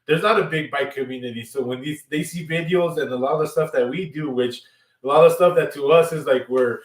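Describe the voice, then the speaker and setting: A man talks in a loose, rambling way, stumbling over repeated words and tagging "you know what I mean" onto his thoughts. His voice sits a bit high for a man. It sounds roomy and picked up from a distance. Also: brisk. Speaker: co-host. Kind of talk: casual chat. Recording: roomy, from far off the mic.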